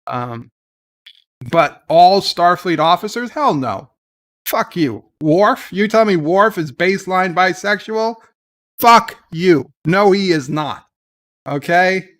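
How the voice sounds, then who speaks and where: A man with a somewhat high voice hosts a casual livestream and answers his chat. He rants bluntly and swears freely. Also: expressive, slow pace, fairly bright tone. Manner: ranting, profane, blunt. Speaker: livestream host reading chat.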